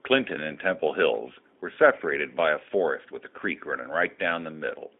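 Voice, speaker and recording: A man in his sixties with a very deep voice reads a memoir of his boyhood. He sounds plainspoken and reflective. The audio is thin and narrow, like a phone line. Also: animated, a little fast, breathy edge. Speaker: story contributor. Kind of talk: read-aloud personal memoir.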